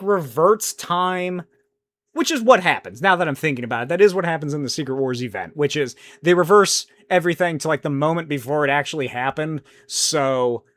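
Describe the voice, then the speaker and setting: Young guy podcast host, rambly and swears a lot, voice a bit high and bounces all over. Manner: rambling, animated, swears casually, thinks aloud. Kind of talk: casual solo podcast talk answering chat.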